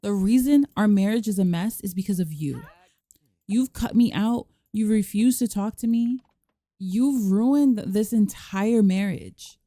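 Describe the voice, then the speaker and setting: A woman voicing a furious sharp-tongued wife. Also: on the low side, level tone, unhurried, creaky, no echo. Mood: indignant. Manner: indignant, cutting.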